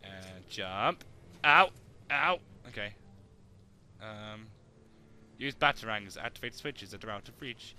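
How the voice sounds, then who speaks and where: A young man, joking and excitable as he comments on his own gameplay and talks to his viewers. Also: fairly low pitch, slow pace, pauses often, clean tone. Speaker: let's play gamer.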